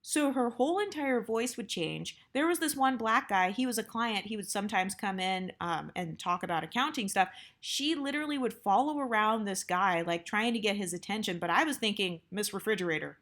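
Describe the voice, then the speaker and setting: Woman, young adult, storytime vlogger, casual rambling talk, lots of fillers, blunt, mid-pitched voice. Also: lively intonation, fairly quick, few pauses, fairly bright tone.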